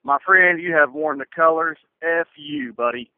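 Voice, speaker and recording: A man's voice: a little high, fairly even intonation, moderate pace, no room sound. A man calling in to a fan show, declaring his team loyalty defiantly. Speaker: caller. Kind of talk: fan call-in rant. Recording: dry tinny phone line.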